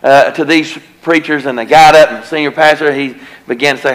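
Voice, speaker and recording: A man's voice: on the high side, fairly even intonation, fairly quick, few pauses, poor audio. A male evangelist, preaching a revival sermon in a church and telling a folksy story that grows into an earnest warning. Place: church sanctuary.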